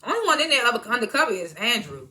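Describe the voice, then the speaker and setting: A woman casually recapping a TV episode, in a loose slangy retelling full of "was like" and quick chuckles. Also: fairly high pitch, big pitch swings, bright, forceful tone. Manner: chuckles between lines. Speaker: TV episode reviewer.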